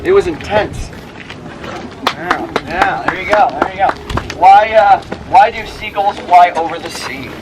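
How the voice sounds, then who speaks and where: A man with a fairly high voice guides a hike, chatty and upbeat, trading corny jokes with the group. He talks outdoors on a mountain trail. Clear wind and outdoor noise sit behind him. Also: slow pace. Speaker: hiking tour guide. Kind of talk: joking tour narration.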